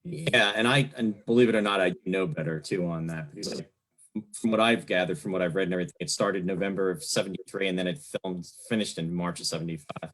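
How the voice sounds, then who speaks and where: A man's voice: deep voice, fast talker, a bit bright, rough recording. A man in his fifties from New Jersey hosting an interview, talking in a rambling, enthusiastic way as a longtime fan, with lots of fillers. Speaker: podcast host. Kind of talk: casual interview chat.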